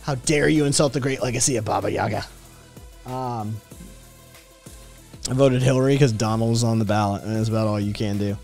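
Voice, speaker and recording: A man's voice: medium pitch, brisk, vocal fry, pauses often, a little mellow. Podcast host, male, loose profane rambler, faint music in the background. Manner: profane, rambling, reacting to chat. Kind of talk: casual livestream chat.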